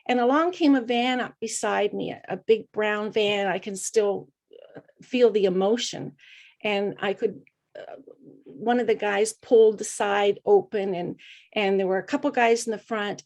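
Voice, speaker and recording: A middle-aged woman, a podcast guest, telling her personal story in an earnest, reflective way with hesitant pauses. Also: mid-range voice, a little mellow. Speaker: guest speaker.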